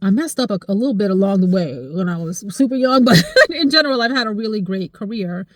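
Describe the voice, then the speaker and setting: A woman in her forties chatting casually to camera about her life, expressive and emotional, her voice jumping high when she gets excited. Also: fast talker, no room sound, clean studio sound. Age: 40s. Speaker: vlogger.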